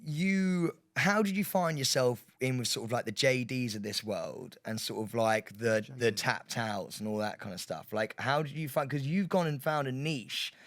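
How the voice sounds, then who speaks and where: A man's voice: mid-range voice, dry recording, clean studio sound. A man who co-hosts a podcast, chatting and encouraging his guest. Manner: animated, encouraging, quick. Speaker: podcast co-host. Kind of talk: casual chat.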